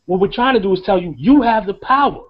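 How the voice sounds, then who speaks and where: A man's voice: sits high, lively intonation, fast talker. A middle-aged man delivering an impassioned, profane rant as co-host of a review show. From New York. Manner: emphatic, profane, preaching. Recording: dull lo-fi sound.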